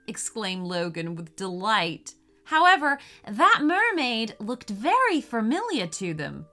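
A woman narrating a children's story in an expressive, sing-song way. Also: mid-range voice, measured pace, soft background music.

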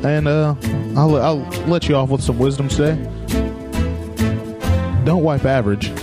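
A man's voice: on the high side, steady tone, a little slow, over music. A man hosting a casual podcast, a joking storyteller who laughs often. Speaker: podcast host. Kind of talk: casual chat.

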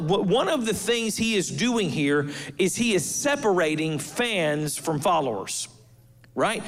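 A male pastor preaching a sermon to his church, with emphatic pauses and changes of pace. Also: high voice.

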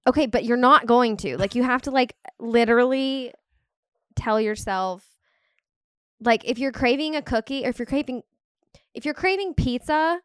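Teasing woman, slightly high, dry sound. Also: normal speed, fairly bright tone, clear, resonant tone, no room sound. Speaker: podcast co-host. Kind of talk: casual chat.

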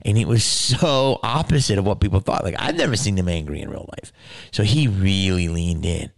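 Gravelly low-voiced man telling stories. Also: normal speed. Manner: swearing, animated, laughs often. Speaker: podcast host. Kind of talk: casual storytelling.

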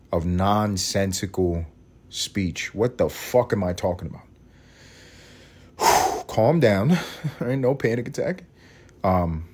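A man's voice: low voice, slightly rough. A man in his thirties hosting a solo podcast, rambling and cursing in a cranky, self-mocking way. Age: 30s. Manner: cranky, scattered. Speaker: podcast host. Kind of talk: casual solo podcast rant.

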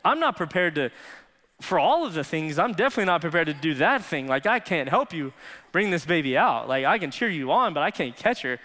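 Higher-voiced pastor preaching in a reverberant hall. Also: male voice, sing-song, a little fast, sharp tone. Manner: conversational storytelling, frequent "like". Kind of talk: sermon.

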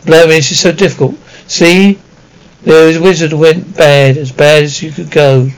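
A man doing a gruff rambling giant groundskeeper. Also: on the high side, steady tone, close to an everyday voice, low-quality recording. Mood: grave. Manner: rambling, folksy, halting with restarts. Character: huge gruff kindly male giant groundskeeper. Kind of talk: audiobook character reading.

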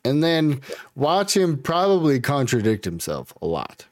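Young male podcast co-host, loose joking chat, very animated pitch, dry close sound. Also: measured pace, no room sound. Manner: loose and joking, swears freely, acts out what he'd say. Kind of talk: casual chat.

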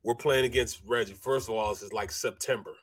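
A man's voice: fairly low pitch, fairly quick, dry recording. A middle-aged man, a former football lineman, telling stories in casual sports-radio chat and acting out what others said. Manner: animated storyteller, acts out quotes. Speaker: co-host, former NFL lineman.

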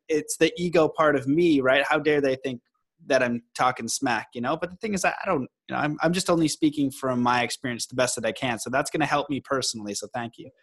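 A man hosting a podcast interview, casual and candid, laughing easily over a video call. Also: medium pitch. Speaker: podcast host.

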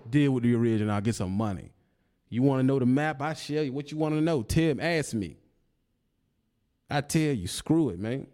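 A man's voice: medium pitch, lively intonation, moderate pace, dark tone. A man on a video channel ranting at a rival, taunting and confrontational, with mocking laughs. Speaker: YouTuber. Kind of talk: heated rant at a rival.

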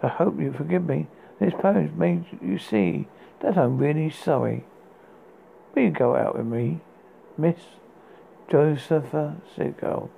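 A male podcast host with a slightly high, gravelly voice takes his time reading poems aloud, repeatedly stumbling and going back over words. Faint hiss sits under a tinny, phone-like recording.

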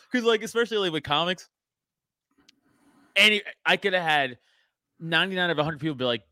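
A man's voice: on the high side, a little fast, pauses often, bright, forceful tone, clear, resonant tone, dry recording. A man talking in a casual podcast chat as a comedian guest, laughing often and swearing freely.

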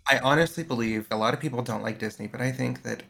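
Here another male podcast co-host keeps the casual chat lively and enthusiastic. His medium-pitched voice is creaky and fairly bright, and he speaks at a quick pace.

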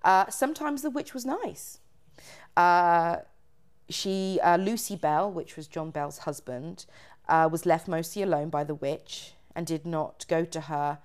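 A woman's voice: fairly low pitch, measured pace, smooth. A woman hosting a podcast, retelling a ghost story in a chatty way with many fillers. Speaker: podcast host. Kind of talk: casual storytelling chat.

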